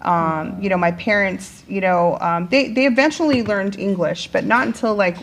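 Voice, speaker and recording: A middle-aged woman teacher talking casually in a relaxed conversation. She speaks at an average pitch and fills her sentences with ums, likes and restarts as she thinks aloud. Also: moderate pace, a little hiss or hum. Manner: chatty, many fillers and restarts. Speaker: teacher and guest.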